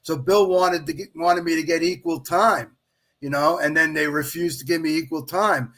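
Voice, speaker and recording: A middle-aged man with a fairly high voice speaks at a normal pace as a guest on a podcast. He's an official baseball scorer, and in casual chat he spins a long, animated anecdote, quoting other people's dialogue along the way.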